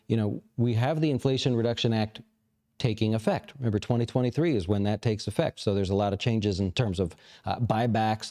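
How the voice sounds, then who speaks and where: A man hosting a casual livestream, answering viewer questions in a relaxed, rambling way with lots of fillers. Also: fairly low pitch. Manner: relaxed, rambling, thinks aloud with many fillers. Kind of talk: casual live chat about investing.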